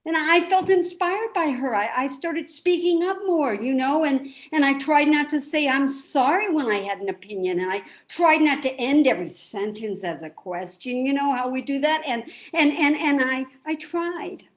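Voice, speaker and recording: A woman's voice: high-pitched, moderate pace, few pauses, voice pushed up, close to an everyday voice. A woman performing a monologue as an anxious, self-deprecating woman who rambles and restarts her sentences, over a video call. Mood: indignant. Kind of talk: theatrical monologue.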